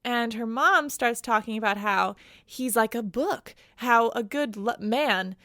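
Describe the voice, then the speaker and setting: A woman's voice: on the high side, measured pace, sharp tone, no echo, clean studio sound. A woman podcast host recapping a book in a chatty, wry, slangy way.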